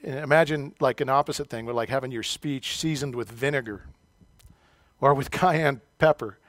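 A man's voice: mid-range voice, moderate pace, a bit bright, no echo. A middle-aged male pastor preaching a sermon, telling a personal story with self-deprecating humor.

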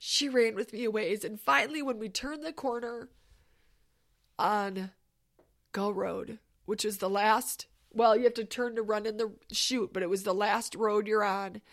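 A woman telling a personal story in an animated, emphatic, conversational way. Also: medium pitch, unhurried.

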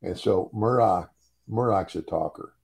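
A man's voice: low-pitched, unhurried, vocal fry, darkish tone, slightly rough. An older man and former wrestler telling a story in casual chat, chuckling often and repeating words as he goes.

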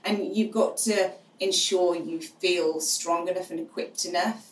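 A middle-aged woman, a guest on the show, telling her experience frankly and finding humour in dark moments. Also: on the low side, fairly even intonation, a little slow. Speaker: guest, charity co-founder. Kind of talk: candid storytelling in conversation. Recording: roomy, distant mic with faint noise.

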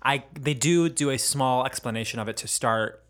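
A man's voice: mid-range voice, moderate pace, fairly bright tone. Playful man in crude podcast banter. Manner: playful, crude, laughing often. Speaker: podcast co-host. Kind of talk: casual chat.

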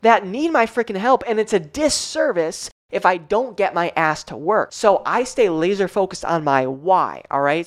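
A fitness coach leading a live training session for clients, talking straight to viewers with energy, blunt encouragement and casual swearing. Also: mid-range voice. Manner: direct address to viewers, frequent "all right?" check-ins.

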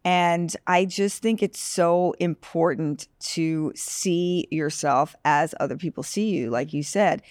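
A woman's voice: fairly low pitch, slow, hardly any pauses, no room sound, clean studio sound. Candid New York woman. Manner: candid, expressive, swears casually. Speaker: podcast guest. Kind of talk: casual interview chat.

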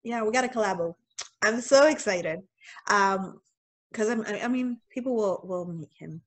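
Casual, animated storytelling from a young woman co-hosting a podcast. She talks in a relaxed conversational way, looping back with little fillers as she goes. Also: medium pitch, normal speed. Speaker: podcast co-host. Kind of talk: casual chat.

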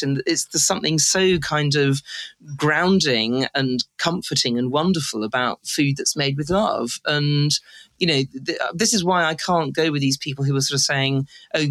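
A woman's voice: low-pitched, fairly bright tone, no room sound. A British woman chatting as a guest on a podcast, effusive and full of fillers, talking from London. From Britain. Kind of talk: casual podcast chat.

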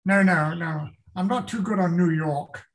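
This is an older man with a British English accent, talking in a casual interview. His voice sits fairly high for a man and has a gravelly edge. He rambles, repeats words and restarts his sentences as he thinks aloud. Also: moderate pace, a bit bright, a little hiss or hum. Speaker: author, guest.

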